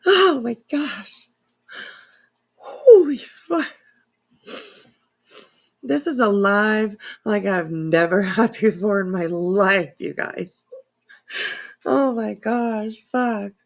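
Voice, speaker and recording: A woman's voice: medium pitch, expressive, takes it slowly. A woman hosting a casual livestream from home, emotional and teary, sniffling and rambling with lots of fillers. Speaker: livestream host.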